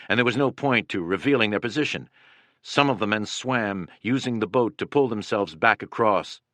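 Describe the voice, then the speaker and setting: A man narrating a war history audiobook in a steady, dramatic reading. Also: mid-range voice, no room sound. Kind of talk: scripted narration.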